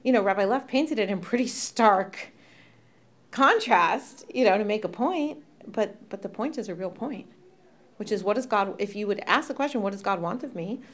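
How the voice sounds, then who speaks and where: A woman's voice: mid-range voice, moderate pace. A woman in a casual discussion who tells a story and acts out the voices of the people in it. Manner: animated storyteller acting out quoted voices.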